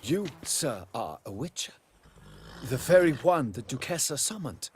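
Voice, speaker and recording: Flattery-heavy merchant npc, slow drawn-out lines, lively pitch, slight noise. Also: male voice. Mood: eager.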